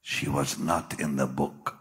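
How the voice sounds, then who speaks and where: An older man preaching a sermon, with sudden loud bursts and slow, drawn-out phrases. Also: rumbling low, flat delivery. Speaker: pastor. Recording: long hall reverb.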